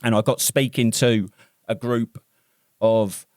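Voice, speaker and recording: A man's voice: mid-range voice, fairly even intonation, slow, a little mellow, no room sound, studio quality. A British man, an army veteran co-hosting a podcast, chatting in laid-back, sweary banter. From United Kingdom. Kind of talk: casual podcast chat.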